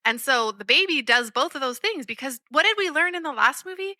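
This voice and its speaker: A woman with a high, very bright voice recaps a film for a podcast, giggling and acting out the characters' lines. The sound is dry and close to the mic. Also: brisk, dry recording. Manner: giggly, animated retelling with acted-out quotes. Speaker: podcast co-host. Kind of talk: casual movie recap chat.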